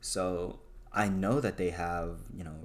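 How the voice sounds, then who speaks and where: A man's voice: deep voice, fairly even intonation, a little slow, slight background noise. A young man vlogging in a rambling, self-deprecating confessional monologue, swearing casually.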